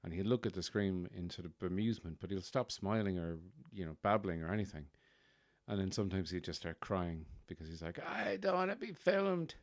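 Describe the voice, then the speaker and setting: A man's voice: low-pitched, fairly even intonation, a little fast, a little mellow, dry recording, clean studio sound. A man hosting a podcast, rambling wryly and poking fun at himself in a casual monologue. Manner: wry, self-deprecating, rambling. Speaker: podcast host.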